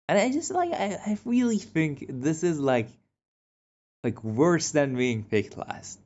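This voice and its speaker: A man's voice: on the high side, sing-song, unhurried, darkish tone. A man telling a casual storytime monologue in a rambling way, full of fillers and restarts. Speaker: vlogger. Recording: dull lo-fi recording.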